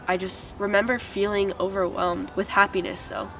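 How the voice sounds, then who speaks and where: A teenage girl giving an earnest, steady personal testimony as a student. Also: medium pitch, normal speed, few pauses, a little hiss or hum, rough recording. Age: teens. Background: music.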